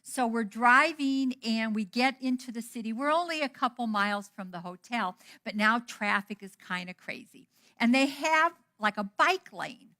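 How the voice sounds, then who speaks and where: Middle-aged woman preacher, fairly high and bright, lively storyteller who acts out dialogue. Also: moderate pace. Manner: animated, acts out quoted dialogue. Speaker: minister. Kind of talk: storytelling sermon. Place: church hall.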